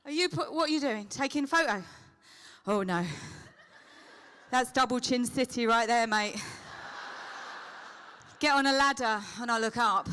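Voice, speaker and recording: A woman with a high voice teases a live convention crowd in quick comic banter. Her tone is bright and forceful, and she speaks into a handheld microphone from the stage. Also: clean tone. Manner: teasing, playful comic patter. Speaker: celebrity convention guest.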